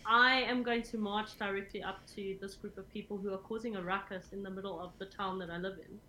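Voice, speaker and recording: Woman player voicing her adventurer formally; bright, sharp tone, roomy echo. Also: medium pitch, fairly even intonation, brisk, slight background noise. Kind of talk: in-character role-play.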